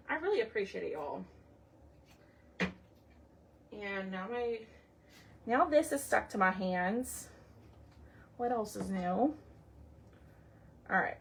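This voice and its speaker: A woman's voice: medium pitch, animated, slow pace, gravelly, long pauses, noisy background. A woman hosting a live crafting tutorial, chatting with viewers by name and thinking aloud as she works. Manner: chatty, talks to viewers by name while working; thinks aloud, often trails off. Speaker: craft livestream host.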